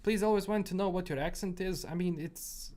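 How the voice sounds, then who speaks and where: A man's voice: sits high, a little fast, warm tone. A young man from Bosnia with a mixed, Bosnian-tinged English accent, chatting casually with viewers on a gaming livestream in an easygoing, rambling way. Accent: Bosnian-tinged English mixed with British and American sounds. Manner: easygoing, rambling, many fillers and repeats. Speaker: gaming streamer.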